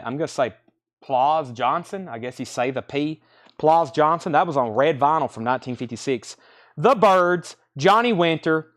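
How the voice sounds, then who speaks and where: Hosting a live online record sale, a man reels off album titles and prices in relaxed, friendly sales talk, now and then stumbling over artist names. His voice sits on the high side, and his manner is easygoing and warm.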